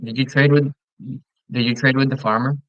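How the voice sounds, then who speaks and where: A man talks casually with a friend over a game, relaxed and chatty, tripping over his words and starting again. His voice sits at an ordinary middle pitch. The sound is dry and close but a little dull, as if from a basic mic. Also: a little fast, no echo. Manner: relaxed, chatty, stumbles and restarts often. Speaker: gamer playing with a friend. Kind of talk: casual gaming chat.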